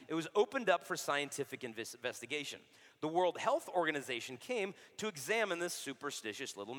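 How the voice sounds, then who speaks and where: Man, 30s, Catholic speaker. Bright, animated, joking delivery; long hall reverb. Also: fairly high pitch. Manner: casual and joking, says dude a lot. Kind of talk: lively sermon-style talk.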